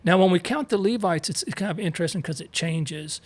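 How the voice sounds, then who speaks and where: A man's voice: sits high, fairly quick. A man co-hosting a casual Bible study, reading verses aloud and explaining Hebrew words with chatty asides. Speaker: co-host teaching scripture.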